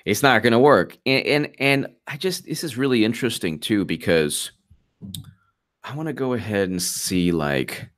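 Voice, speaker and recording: A man hosting a live political commentary stream, talking fast and animated, repeating himself and mocking opponents. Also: fairly low pitch. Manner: animated, repetitive, mocking quoted voices.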